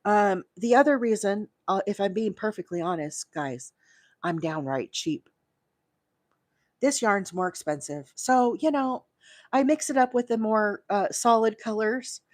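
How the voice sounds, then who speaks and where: A woman's voice: mid-range voice, unhurried, no echo, studio quality. A woman from Alabama hosting a live crochet tutorial, talking casually and poking fun at herself, with plenty of fillers and asides to viewers. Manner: chatty and self-deprecating, with many fillers and asides to viewers. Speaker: crochet livestream host.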